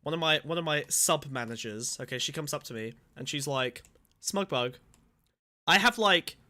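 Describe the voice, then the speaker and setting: A man's voice: mid-range voice, fairly quick, sharp tone. A man co-hosting a podcast, telling a story in rambling, profane casual chat and laughing often. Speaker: podcast co-host.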